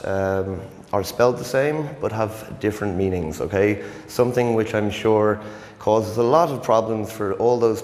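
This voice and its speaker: Male English tutor, low-ish voice, chatty and jokey, echoey hall. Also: a little mellow. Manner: chatty and joking, addressing learners directly. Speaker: English teacher. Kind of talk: demonstration language lesson. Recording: echoey hall with faint noise.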